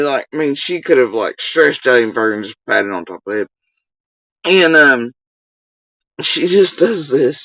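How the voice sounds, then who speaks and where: A woman's voice: lowish voice, no room sound, highs cut off. A woman telling a casual story on a livestream, rambling, laughing and swearing freely.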